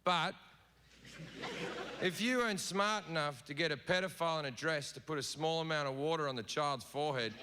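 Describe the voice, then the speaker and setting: A middle-aged man performs stand-up, profane and provocative with a deadpan edge. His voice sits high for a man. Audience noise is clear behind him in a large venue. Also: brisk. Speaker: stand-up comedian. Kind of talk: stand-up routine. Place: large theater stage. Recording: noisy live venue recording.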